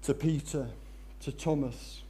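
A male preacher delivers a sermon with a voice sitting a little high for a man. He is animated, surging into loud, excited stretches and then dropping to hushed intensity. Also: slow pace, a little hiss or hum.

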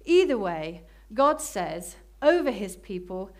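A woman preaching a sermon, slowing down to stress key phrases. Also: a little high, lively intonation. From Britain.

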